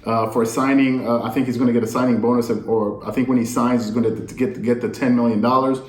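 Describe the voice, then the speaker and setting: A man's voice: mid-range voice, steady tone, a little fast, darkish tone, reverberant. A man talking casually about sports news, rambling and incredulous, speaking straight to his viewers. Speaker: sports commentator. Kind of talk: casual sports talk monologue.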